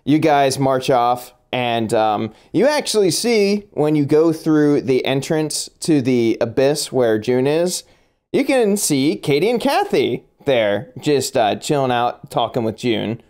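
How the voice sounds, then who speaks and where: A man narrating a tabletop game as game master, relaxed and laughing often, with plenty of fillers. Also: mid-range voice, slow pace.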